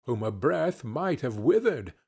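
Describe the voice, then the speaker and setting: A man voicing a gentle, solemn spirit, speaking quietly and in a measured way in a storybook reading. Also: mid-range voice, very animated, creaky, slightly rough, full character voice.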